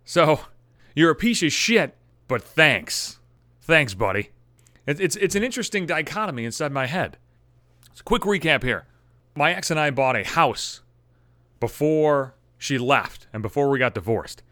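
A man telling a personal story to camera in a profane, animated way, acting out his own thoughts. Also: on the high side, measured pace, no echo. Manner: animated, swearing, acts out his own inner voice. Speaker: vlogger.

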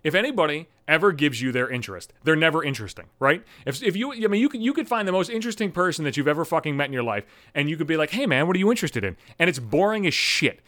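A man's voice: a little high, animated, fast, hardly any pauses, sharp tone, no room sound. A man in his thirties hosting a podcast, ranting in an agitated, sarcastic way and swearing constantly. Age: 30s. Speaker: podcast host. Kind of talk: profane solo rant.

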